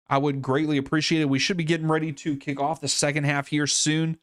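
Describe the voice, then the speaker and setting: A man's voice: on the high side, little pitch movement, quick pace, few pauses, smooth, no room sound, clean studio sound. A man hosting a live soccer watchalong stream, chatting casually and thinking aloud with fillers and restarts. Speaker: livestream watchalong host.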